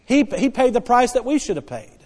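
A man preaching a sermon as pastor, emphatic and repetitive, dropping soft then rising loud to stress his points. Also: very high-pitched, very animated, brisk. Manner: emphatic preaching, repeats key phrases, swings between soft and loud. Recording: long hall reverb.

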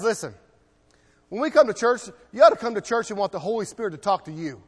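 A man with a high voice preaches in a church. His delivery is emphatic, shifting between loud passages and hushed ones, with frequent repeated words. A long reverb trails each phrase. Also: big pitch swings, fast talker. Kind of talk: sermon.

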